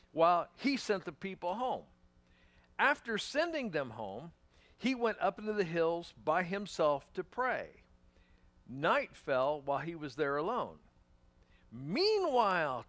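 A male pastor preaching a sermon in an animated, joking storytelling manner, acting out the characters' cries. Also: fairly high pitch, no room sound. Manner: animated, jokey storytelling, acts out voices. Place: church.

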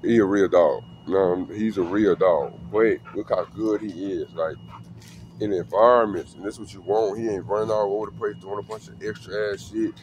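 A man's voice: lowish voice, steady tone, normal speed, a little mellow, slight background noise. A man who breeds dogs, talking casually and slangily to the camera outdoors with his dog. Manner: slangy, laid-back, talks to camera and dog. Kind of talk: casual vlog talk.

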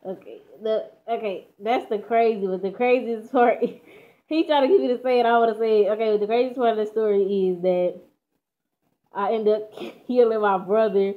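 A woman's voice: a little high, steady tone, moderate pace. A teenage girl from Texas telling a story in casual, slangy chat, laughing as she goes. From Dallas, Texas. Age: teens. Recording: tinny phone-like audio.

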